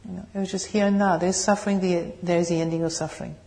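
A woman with a French accent tinged with British English, giving a meditation talk and answering questions in a gentle, searching way. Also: fairly low pitch, fairly even intonation, quick pace. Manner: gentle, searching, laughs softly, asks the audience questions. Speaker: meditation teacher. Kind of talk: dharma talk with Q&A. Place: meditation hall.

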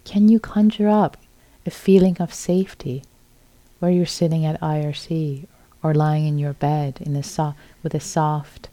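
Low-voiced middle-aged woman giving a dharma talk, gentle and repetitive, dry close sound. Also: flat delivery, a little slow, no room sound. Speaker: meditation teacher. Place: retreat center hall.

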